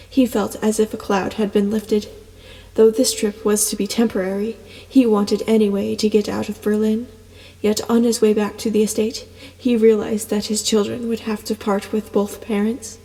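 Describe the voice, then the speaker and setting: Female audiobook narrator with a steady, flat delivery, recorded in a reverberant space. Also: medium pitch. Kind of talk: scripted storybook narration. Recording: long reverb, soft music beneath.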